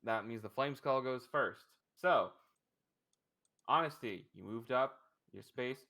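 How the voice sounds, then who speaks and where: A man running a tabletop role-playing game as dungeon master, calling out rules and rolls in a relaxed, matter-of-fact way. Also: mid-range voice, slow pace.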